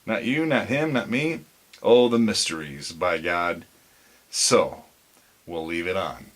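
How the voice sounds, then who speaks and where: A man's voice: low voice, slow, a bit bright, full character voice. A man voicing a tearful, wistful old barber in a storybook reading, musing aloud in emotional questions.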